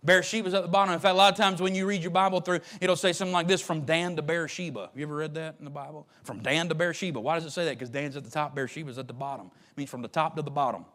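A man preaching a sermon as pastor, dropping to a hushed low voice and then climbing to loud, shouting peaks, repeating phrases in a folksy way. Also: fairly even intonation, racing, few pauses.

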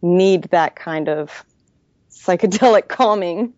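A woman with a fairly low voice chats on a podcast panel, quick to laugh. The sound is dull and lo-fi, in a dry room. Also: darkish tone, no echo.

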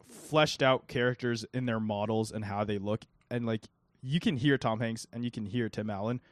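A man's voice: on the low side, no echo, clean studio sound. A young man co-hosting a podcast, chatting casually about a movie in a rambling way full of fillers. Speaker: podcast co-host. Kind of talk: casual movie review chat.

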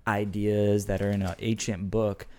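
Man, co-host, low warm voice, earnest and reflective. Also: flat delivery, normal speed. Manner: earnest, reflective, faith talk. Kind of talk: casual chat.

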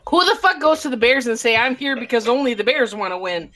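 Lively, bright-voiced woman hosting a chat. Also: on the high side, fast. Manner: profane, laughing, animated banter. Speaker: host. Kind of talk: casual livestream chat.

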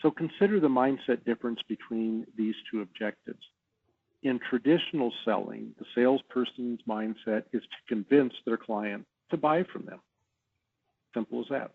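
Male sales trainer guest, raspy gravelly voice, dry phone-quality sound. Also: mid-range voice, no room sound. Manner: measured, explanatory, laughs easily. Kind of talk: podcast interview. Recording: tinny phone-like line.

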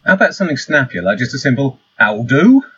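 A man on a podcast panel, wry and quick with quips and tag questions. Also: medium pitch, very animated, pushed and bright, muffled recording. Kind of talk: casual podcast chat.

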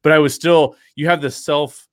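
A man in his thirties, a podcast host telling a personal story with lively acted-out quotes and frequent restarts. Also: a little high, normal speed, no echo, clean studio sound. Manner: animated storyteller acting out quotes, many restarts.

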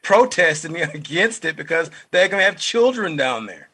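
A man hosts a casual podcast chat, his voice bright and slightly husky. He mostly stays in the background, breaking in with quick jokes and prompts. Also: a little high, expressive. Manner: quick joking interjections. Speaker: podcast host.

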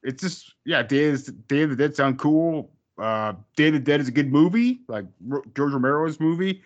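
A man with a somewhat high voice talks through a movie review in a loose, rambling way, swearing freely and circling back on his words. The recording is dull and lo-fi, as if the highs were cut off. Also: normal speed. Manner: rambling, profane, many restarts. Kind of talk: casual movie review chat.

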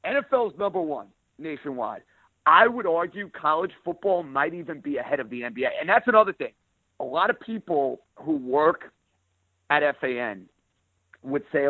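A man with a strong New York accent and a rough, everyday voice talks sports radio in an emphatic, plain-spoken way. He comes through a thin, tinny phone line. The sound is close and dry, with no room behind it. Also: a little high, animated, moderate pace, no room sound. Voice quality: rough around the edges voice. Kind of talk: interview guest, casual talk.

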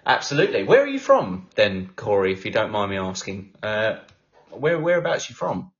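A man's voice: lowish voice, sing-song, moderate pace. A man co-hosting a live podcast, chatting casually, rambling and jokey, with the odd swear word. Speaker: podcast co-host. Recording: echoey, dull lo-fi sound.

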